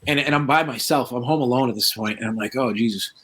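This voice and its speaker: Husky man telling animated stories. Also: mid-range voice, fast. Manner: animated, acts out quoted voices. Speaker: paranormal researcher guest. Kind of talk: casual storytelling interview.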